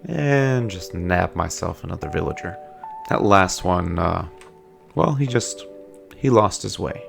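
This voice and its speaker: A man's voice: low voice, expressive, a little slow, creaky. A man giving casual let's play commentary in a chatty way, often talking to characters in the game. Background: faint background music.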